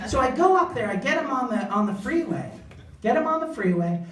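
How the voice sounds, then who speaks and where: A woman's voice: fairly high pitch, big pitch swings, a little fast. A woman doing a stand-up comedy routine in a small venue, rambling and self-deprecating as she tells stories. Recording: echoey club, distant mic, crowd.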